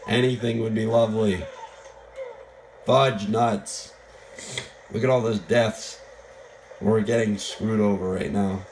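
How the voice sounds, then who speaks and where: A man's voice: on the low side, steady tone, takes it slowly, pauses often, darkish tone, a little hiss or hum. A young man with a voice that is fading from illness, rambling and joking at his own expense while commentating on a shooter game. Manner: rambling, self-deprecating, jokey. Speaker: gameplay commentator. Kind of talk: live gameplay commentary.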